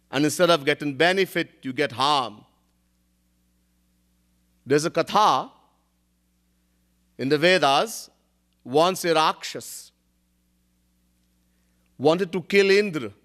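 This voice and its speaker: Man, spiritual teacher, devotional discourse, chants verses, laughs often, slow. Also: on the high side, a bit bright, clean tone. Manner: storytelling with chanted Sanskrit verses.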